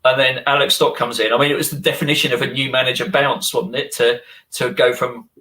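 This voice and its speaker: A man's voice: mid-range voice, steady tone, a little fast, bright, forceful tone. A man hosting a fan podcast, eagerly reminiscing about old matches in casual chat.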